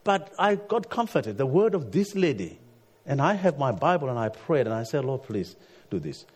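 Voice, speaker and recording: Halting preacher man, frequent restarts. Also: on the high side, very animated. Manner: halting, repeats words, frequent "you see". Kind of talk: sermon with personal story.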